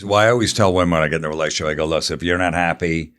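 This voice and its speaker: A man's voice: deep voice, very fast, fairly bright tone, smooth. A man from New Jersey, a comedian guest on a podcast, telling a story in a casual, matter-of-fact way and acting out both sides of the dialogue.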